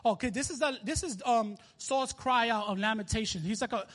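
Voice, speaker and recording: A minister in his twenties with a New York accent delivers a casual, conversational sermon, often restarting sentences and laughing. His voice is very high-pitched and a bit bright, and he talks a little fast.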